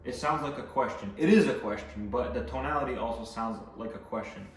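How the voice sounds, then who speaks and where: A man's voice: medium pitch, brisk, a little hiss or hum. A man giving casual sales training, rambling with many fillers and restarts. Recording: echoey room, voice from a distance.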